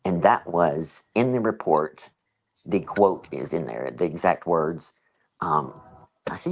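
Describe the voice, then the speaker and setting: A woman's voice: extremely low pitch, big pitch swings, unhurried, pauses often, slightly rough, rough recording. A woman hosting a casual livestream chat, telling a story with animation and acting out the conversations she quotes. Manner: frequent "you know" fillers. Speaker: channel host.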